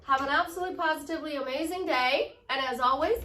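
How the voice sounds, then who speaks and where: A woman's voice: high-pitched, fast, sharp tone, far from the mic. A woman from Chicago, a relationship life coach, giving an upbeat, gushing motivational vlog talk. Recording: echoey room, voice away from mic.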